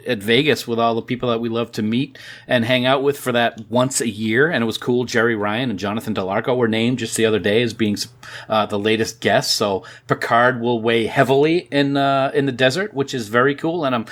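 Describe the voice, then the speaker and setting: A man's voice: medium pitch, a little fast, a bit bright. A man with a New England accent, co-hosting a podcast in casual, upbeat, rambling chat. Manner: chatty and upbeat, rambling with restarts. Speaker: podcast co-host.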